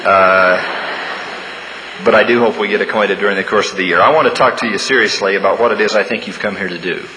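A man giving a humorous sermon to students, a folksy storyteller who pauses with uhs and restarts. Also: on the low side, sharp tone. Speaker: speaker at a campus devotional. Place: large church hall. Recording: large hall, faint room noise.

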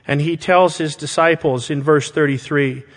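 Speaking deliberately and with emphasis, a man preaches to his congregation and asks rhetorical questions. His voice is a little high and steady in tone, with long hall reverb around it.

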